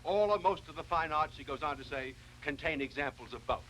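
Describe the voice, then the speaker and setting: A man delivers a philosophy lecture for television in a slightly raised register. He builds each point slowly and deliberately, often restarting a phrase to get it exactly right. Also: on the high side, a bit bright, slight background noise, poor audio. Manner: measured, deliberate explaining with frequent restarts.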